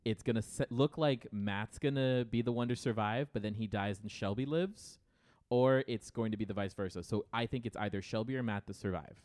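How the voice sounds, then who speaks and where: A man's voice: lowish voice, fairly quick, darkish tone. A man co-hosting a podcast in casual chat, talking to listeners with frequent stammering restarts. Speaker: podcast co-host.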